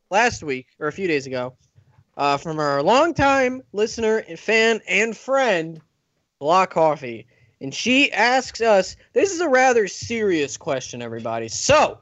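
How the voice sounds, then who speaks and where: Man, podcast host, casual chat, laughs easily, slightly high voice, dry close sound. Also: no room sound, highs cut off. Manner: laughs often, reads listener questions aloud.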